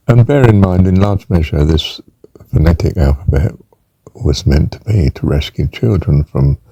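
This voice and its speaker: A man's voice: extremely low pitch, gravelly, warm tone, slightly rough, no room sound. An older man giving an informal spelling lesson, rambling and musing aloud, drawing out words as he says them and adding chuckling asides. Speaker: teacher.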